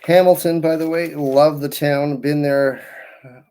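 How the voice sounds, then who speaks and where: On the high side yet dark and smooth, a man's voice keeps a steady tone at a measured pace. He's a balloon twister chatting casually on a livestream, naming viewers as he greets them and rambling through friendly asides while working with his hands.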